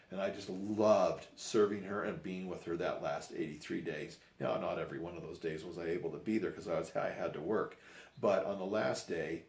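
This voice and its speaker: A man's voice: sits low, gravelly, a little mellow, roomy sound. An older man telling a family story from his life in a rambling, folksy way, acting out the quotes. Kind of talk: personal storytelling.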